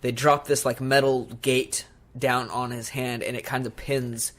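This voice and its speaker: Animated young man retelling movie scenes. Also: mid-range voice, a little slow. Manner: animated retelling with acted-out quotes. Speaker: podcast co-host. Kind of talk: casual chat.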